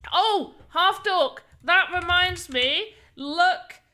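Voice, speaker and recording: Bright, high-voiced woman streamer. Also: very slow. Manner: excitable, exclaims at what happens on screen; thinks aloud while testing her game. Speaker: streamer building a game. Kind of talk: casual live-stream chat.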